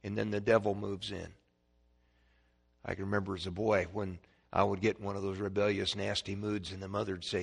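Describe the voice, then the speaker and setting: A man's voice: medium pitch, normal speed, creaky, slightly rough. A middle-aged man preaching a sermon, emphatic, with frequent restarts and personal asides.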